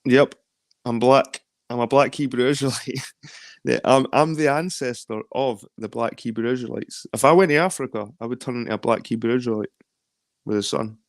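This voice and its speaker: A man's voice: medium pitch, moderate pace, dry recording, studio quality. A man with a Scottish accent in a rambling, casual late-night chat, swearing freely. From London. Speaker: chat guest.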